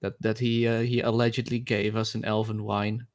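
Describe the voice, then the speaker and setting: A man's voice: lowish voice, little pitch movement, moderate pace, no room sound, clean studio sound. Hesitant man chatting at a game table. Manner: hesitant, many fillers. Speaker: player. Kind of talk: casual tabletop game chat.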